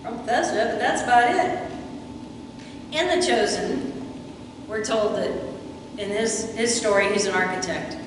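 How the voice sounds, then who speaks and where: Speaking a little slowly with frequent pauses, a medium-pitched woman delivers a sermon that retells scripture, performing the quoted lines. She's captured at a distance in an echoey church sanctuary, with background noise.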